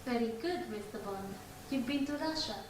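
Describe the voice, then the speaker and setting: A poised, cool woman, acted by an actress, answers in a dry, composed way from a slightly high voice. The mic sits far from her in a very echoey room, with noticeable noise behind. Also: animated, moderate pace, close to an everyday voice. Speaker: actress in an audition scene.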